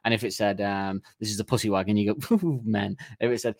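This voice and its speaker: A man's voice: on the low side, fairly even intonation, quick pace, no echo, clean studio sound. A man co-hosting a podcast, chatting casually and jokily, acting out silly scenes and laughing often. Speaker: podcast co-host. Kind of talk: casual comedic chat.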